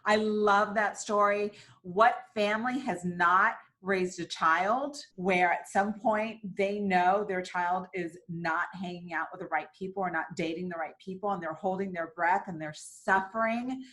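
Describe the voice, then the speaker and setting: A woman's voice: medium pitch, steady tone, normal speed, few pauses, a bit bright. Enthusiastic female podcast co-host. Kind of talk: casual chat.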